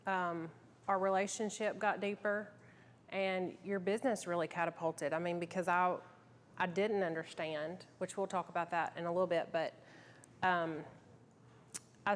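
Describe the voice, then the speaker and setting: A woman speaking in a gentle, hesitant way during a seminar, with fillers. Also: lowish voice, fairly even intonation, moderate pace, a little hiss or hum. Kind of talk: casual talk beside a speaker at a seminar. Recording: reverberant hall.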